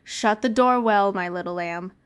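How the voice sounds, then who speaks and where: Sly flattering wolf for a storybook reading, read by a woman; smooth and coaxing. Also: mid-range voice, moderate pace, lightly acted.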